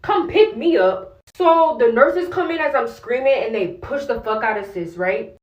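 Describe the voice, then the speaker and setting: A woman's voice: on the high side, lively intonation, normal speed, distant mic, lo-fi sound. A young woman telling a personal story to camera in blunt, slangy, profane casual talk. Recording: voice a bit off-mic.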